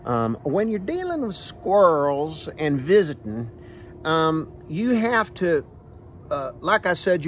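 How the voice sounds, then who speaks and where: A man hosting a comic vlog outdoors, talking in a folksy, hushed, deadpan way and tagging phrases with "okay?". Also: on the high side, a little hiss or hum. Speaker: vlog host playing a self-styled squirrel expert. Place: outdoors under a tree on a farm. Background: faint crickets and insects.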